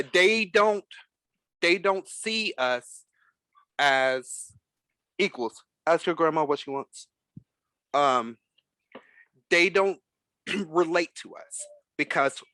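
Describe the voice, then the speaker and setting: Bright-voiced animated male podcaster. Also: fairly high pitch, dry recording. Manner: animated, emphatic storytelling. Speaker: podcast host. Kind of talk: casual podcast chat.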